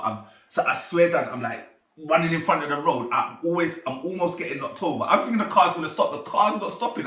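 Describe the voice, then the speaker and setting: A man tells a story in an excitable, animated way, laughing as he goes. His voice is bright and forceful. He sounds roomy and a little far from the mic. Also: medium pitch. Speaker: storyteller guest. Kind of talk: casual storytelling chat. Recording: echoey room, distant mic.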